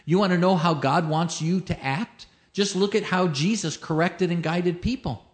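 A man's voice: sits high, moderate pace. A male pastor preaching a sermon, emphatic, stacking repeated phrases and rhetorical questions, and telling a joke as a story.

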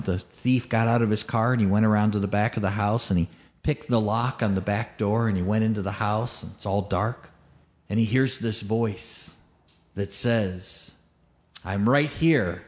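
A man's voice: fairly low pitch, steady tone, normal speed. A male pastor preaching a sermon, emphatic, stacking repeated phrases and rhetorical questions, and telling a joke as a story.

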